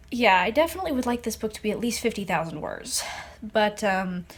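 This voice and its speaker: A young woman, chatting casually in a writing vlog, rambling with lots of fillers. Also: a little high. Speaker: vlogger.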